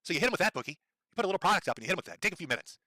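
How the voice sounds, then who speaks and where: Man, angry profane stream rant, sarcastic, strained throat, high voice, wildly swinging pitch. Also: very animated, rapid-fire, bright, forceful tone, no echo. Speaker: live streamer. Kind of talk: ranting stream commentary.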